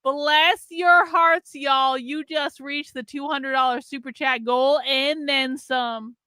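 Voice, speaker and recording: Tipsy woman with a bright high voice. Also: fairly even intonation, slow pace, dry recording, studio quality. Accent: mock Southern drawl. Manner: joking, swearing, teasing viewers. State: tipsy from drinking beer. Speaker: livestream host. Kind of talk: casual livestream chat.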